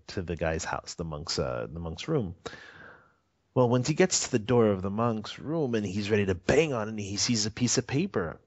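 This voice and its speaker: A man telling a story as a radio interview guest, rambling with fillers and frequent chuckles. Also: on the low side. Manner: rambling, many fillers and restarts, chuckles often. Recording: dull lo-fi audio.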